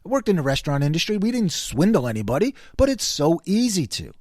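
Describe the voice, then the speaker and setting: A man's voice: fairly high pitch, quick pace, no room sound, clean studio sound. An older man from the New York City area, ranting and complaining in a casual, sarcastic monologue. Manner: animated, sarcastic, exasperated complaining. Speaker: commentary show host.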